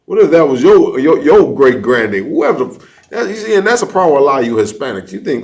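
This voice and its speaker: A man leading an online class, preaching emphatically and building to loud, animated peaks. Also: on the high side, a little fast. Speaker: class teacher. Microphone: online class setup.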